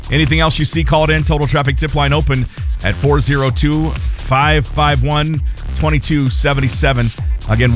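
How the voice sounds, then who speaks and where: A man hosting a morning radio show in a studio, giving traffic and weather with casual, joking asides. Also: mid-range voice. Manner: chatty, joking asides between reports. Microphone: studio broadcast mic.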